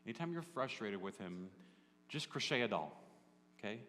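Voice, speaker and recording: A man voicing his calm, matter-of-fact wife in a joke, in a quiet, low voice, heard in an echoey hall. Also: moderate pace. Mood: deadpan.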